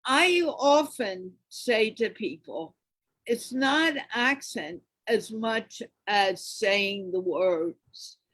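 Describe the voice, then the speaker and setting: Slow, deliberate woman moderating a panel. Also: mid-range voice, animated, a bit bright, dry recording, poor audio. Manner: deliberate, asks questions carefully. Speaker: conference moderator. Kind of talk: conference panel discussion.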